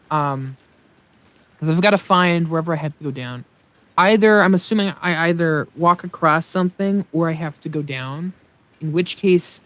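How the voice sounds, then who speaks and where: A man with a fairly high voice talks through a survival game as he plays it. He rambles and thinks aloud, and he pokes fun at his own mistakes in a casual, self-mocking way. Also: fairly bright tone. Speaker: let's play host. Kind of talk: casual gameplay commentary.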